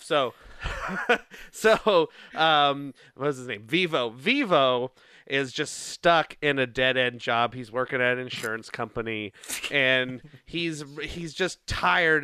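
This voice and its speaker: A man with a bright, crisp voice and a steady middle pitch rambles through a story, laughing often and filling pauses with "um" and "like". The sound is close and dry, with no room around it. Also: no room sound. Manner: rambling and playful, laughs often, many fillers. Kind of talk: casual chat, rambling plot retelling.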